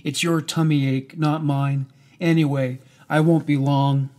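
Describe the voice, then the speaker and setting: A man reading the lines of a coarse, threatening middle-aged stepfather in a slow, measured way. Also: fairly high pitch, flat delivery, darkish tone, close to an everyday voice. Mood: menacing. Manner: threatening and crude.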